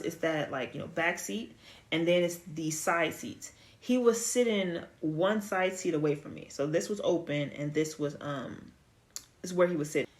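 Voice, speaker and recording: A woman giving a casual spoken testimony, telling her story in a chatty, animated way with lots of fillers. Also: lowish voice. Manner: animated storytelling, acts out quoted dialogue; chatty with frequent fillers and restarts. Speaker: testimony speaker.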